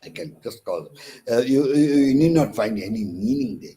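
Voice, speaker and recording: A man's voice: medium pitch, lively intonation, normal speed, mellow. A man with an Indian English accent giving an online lecture on poetic meter, hesitant with many fillers and restarts, stressing syllables when he reads examples. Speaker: counsellor teaching English literature.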